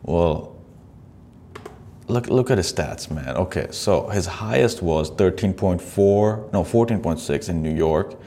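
Man, podcast host, very low voice, gravelly, profane, mocking, casual commentary. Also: unhurried, a little hiss or hum. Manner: profane, mocking, animated asides.

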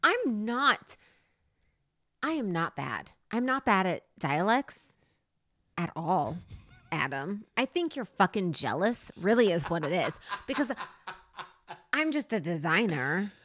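A woman's voice: medium pitch, sing-song, takes it slowly, long pauses, fairly bright tone. A woman from New Jersey with a slight Jersey accent, co-hosting a podcast in playful casual chat, laughing and swearing. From New Jersey, USA. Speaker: podcast co-host.

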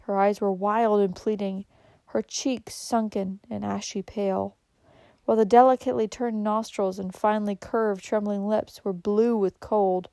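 A woman narrates a story in a gentle, measured reading manner. Her voice is mellow and warm, and the recording is close and dry, with no room sound. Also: medium pitch, steady tone, creaky, no room sound.

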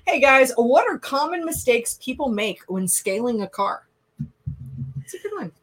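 A chatty woman with a Minnesota accent and a voice a little higher than most. She hosts a casual livestream, reading viewer comments aloud and laughing often. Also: very animated, normal speed, a little hiss or hum. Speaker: livestream host.

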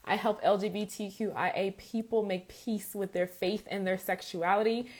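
A woman hosts a live stream in a relaxed, chatty way, her voice raspy from a sore throat. She keeps greeting viewers by name and checks in with "okay?" as she talks. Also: medium pitch, normal speed. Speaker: faith and life coach, live-stream host. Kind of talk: casual live-stream talk.

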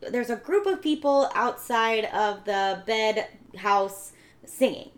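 A woman's voice: a little high, slow. A woman in casual podcast chat, bluntly narrating a film's plot with a laid-back, giggly manner. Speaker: podcast co-host. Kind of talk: casual chat recapping a film.

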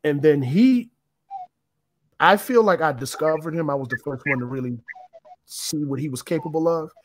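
A man's voice: a little high, moderate pace, slight background noise, rough recording. Reflective man telling his story. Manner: reflective, meandering, with frequent restarts. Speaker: interview guest. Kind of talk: casual storytelling interview.

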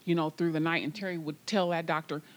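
A woman's voice: sits low, little pitch movement, fast talker. A woman earnestly telling a faith testimony as a guest on a talk show. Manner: earnest, emphatic storytelling.

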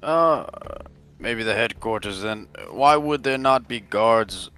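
A man's voice: medium pitch, slow pace, a bit bright, clean tone. A man playing a tabletop game, reasoning aloud hesitantly with many fillers and restarts. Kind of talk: in-character tabletop role-play.

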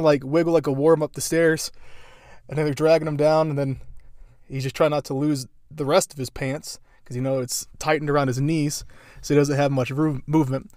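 Recorded in studio quality without echo, this young man hosts a podcast and talks a little fast in a fairly high-pitched, slightly mellow voice. His delivery is flat, yet his casual storytelling wanders along amusedly, filled with fillers.

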